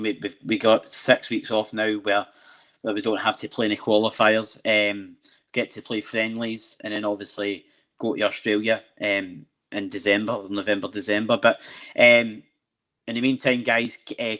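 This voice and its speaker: A man hosting a casual fan podcast, talking in a low, fairly monotone voice. He wanders through his points with frequent ums and false starts. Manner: rambling, many ums and restarts. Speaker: podcast host.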